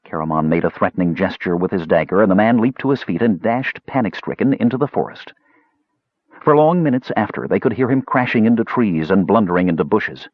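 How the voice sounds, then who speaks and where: Husky, expressive male audiobook narrator. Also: on the low side, moderate pace, no echo. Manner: expressive storytelling. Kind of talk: scripted fantasy narration. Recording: dull lo-fi recording.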